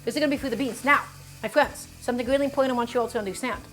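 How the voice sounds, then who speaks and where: A woman's voice: fairly high pitch, rapid-fire, a bit bright, faint music behind. A woman streamer teaching a cooking lesson live, chatty and emphatic, often addressing her chat directly.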